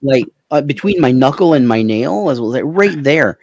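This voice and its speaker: A man's voice: medium pitch, lively intonation, moderate pace, a little mellow, no echo. A man with a Canadian Maritimes accent, co-hosting a podcast and telling a long, rambling anecdote in casual chat, often laughing at his own story. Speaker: podcast co-host.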